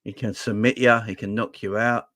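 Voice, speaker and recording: A man in a casual sports chat, talking in a halting way with frequent stammered restarts. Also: lowish voice, steady tone, a bit bright, no room sound. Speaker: podcast guest.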